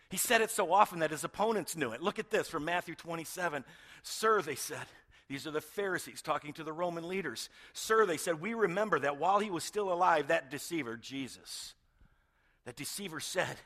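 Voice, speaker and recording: A middle-aged male pastor preaching a sermon, retelling a story with hushed moments and emphatic build-ups. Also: a little high. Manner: animated storytelling, swings between hushed and emphatic.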